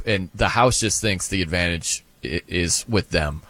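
A man's voice: fairly low pitch, moderate pace, few pauses, pushed and bright, dry recording. Man asking rambling questions. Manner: rambling, self-deprecating questions. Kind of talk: casual podcast conversation.

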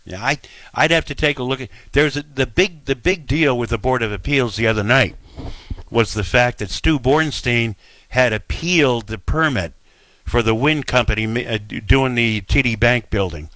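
A man hosting a call-in radio show, brisk and jokey as he chats with callers. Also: medium pitch, fairly bright tone, no echo. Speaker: radio talk show host.

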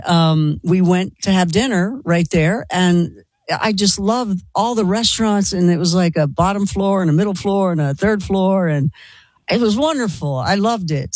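A talkative male radio host with a faint Kentucky lilt, chatting enthusiastically with callers. His voice sits a bit high and has a gravelly edge. The studio sound is dry and close. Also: dry recording, poor audio. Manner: chatty, enthusiastic, quick asides. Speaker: radio call-in show host. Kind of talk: casual call-in radio chat.

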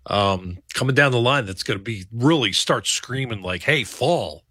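A male meteorologist talks through the forecast in a relaxed, rambling way, full of ums and asides. His voice is bright and forceful, and the recording is dry and close. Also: mid-range voice, moderate pace, breathy edge, no echo. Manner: loose, conversational, many fillers. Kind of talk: casual weather forecast chat.

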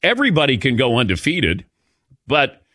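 Lively older male sports radio host. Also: mid-range voice, normal speed, no echo, clean studio sound. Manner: animated storytelling, chuckling asides. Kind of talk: casual sports talk. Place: radio studio.

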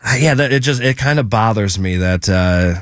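A man's voice: on the low side, normal speed, no room sound, clean studio sound. A man hosting a radio show, teasing his co-host in casual banter and often stumbling over his words. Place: radio studio.

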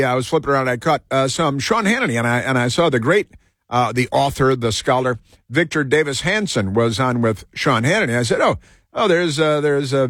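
A man's voice: mid-range voice, fairly bright tone, no echo, studio quality. A man hosting a talk show, delivering a rambling monologue full of fillers and restarts.

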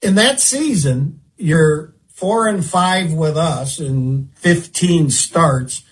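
A man interviewing a former pitcher, speaking in a measured way with a few fillers. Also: lively intonation, slightly rough. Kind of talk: interview questions.

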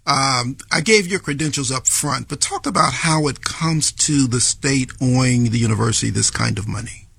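A male radio host with a heavily gravelly, husky voice and a measured, emphatic delivery. He is recorded close and dry in the studio, without any room echo. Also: mid-range voice, a bit bright. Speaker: radio talk show host. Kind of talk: radio interview.

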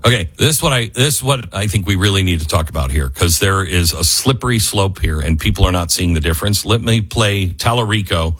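A man's voice: low voice, expressive, fairly quick, few pauses, a bit bright, breathy edge. A male radio talk show host delivering an impassioned monologue into a studio microphone, raising his voice in frustrated outbursts.

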